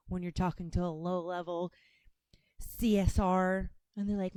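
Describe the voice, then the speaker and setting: A woman's voice: lowish voice, little pitch movement, a little slow, warm tone, no room sound. Brief: woman from Appalachia, sassy reaction host, dry close sound. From Appalachia, United States. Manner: sassy, mocking asides. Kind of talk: casual commentary.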